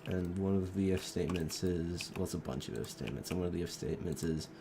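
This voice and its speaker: A man's voice: low-pitched, quick pace, creaky, noisy background. A sick young man with a cough, giving rambling, joking gameplay commentary into a desk microphone and drifting off mid-thought. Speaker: gaming video creator.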